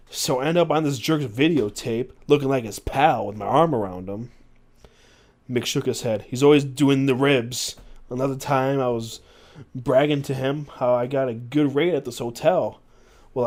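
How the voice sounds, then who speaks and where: Male podcast host, mid-pitched, reads passages aloud and breaks off for loose asides. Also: moderate pace, darkish tone. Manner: reads passages aloud, doing the quoted voices, with fillers and asides. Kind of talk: reading aloud from books.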